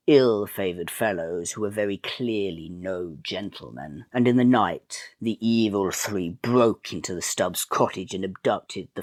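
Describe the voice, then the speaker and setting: Deep-voiced man narrating with wry drama. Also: dry recording, clean studio sound. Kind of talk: melodramatic storybook reading.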